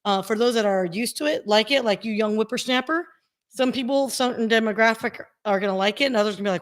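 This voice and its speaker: A woman's voice: on the high side, quick pace. A woman co-hosting a casual panel chat, chatty and rambling in a playful way. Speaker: co-host.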